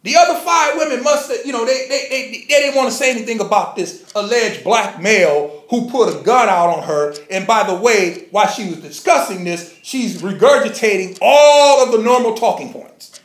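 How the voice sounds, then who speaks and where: A man's voice: high-pitched, moderate pace, fairly bright tone. A man giving a ranting commentary, sarcastic and mocking, with frequent profanity. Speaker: commentary vlogger. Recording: echoey room.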